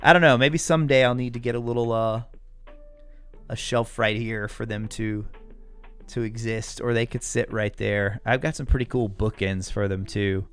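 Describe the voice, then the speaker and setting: A chatty American man hosting a live stream in an easygoing, mid-pitched voice. He answers viewers' comments one after another with a relaxed chuckle. Faint music plays underneath. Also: normal speed, smooth. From United States. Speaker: livestream host. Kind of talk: casual live-chat talk.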